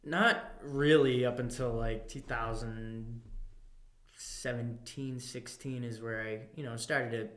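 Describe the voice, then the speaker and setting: Bright-voiced man telling animated stories. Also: mid-range voice, takes it slowly, echoey room. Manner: animated storyteller who swears freely. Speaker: podcast guest, personal trainer. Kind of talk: casual interview chat.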